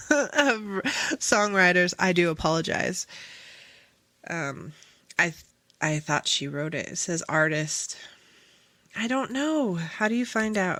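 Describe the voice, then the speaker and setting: A woman's voice: mid-range voice, dry recording. A woman hosting a casual solo podcast, rambling and chatty with many fillers and self-corrections. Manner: sings song lyrics softly. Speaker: podcast host.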